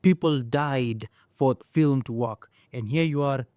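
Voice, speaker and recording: A young man tearing into a film with a blunt, mocking, exasperated delivery. His mid-pitched voice sounds close and dry, with no room echo. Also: slow, few pauses, a little mellow. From Kenya. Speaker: film reviewer. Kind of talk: ranting movie review.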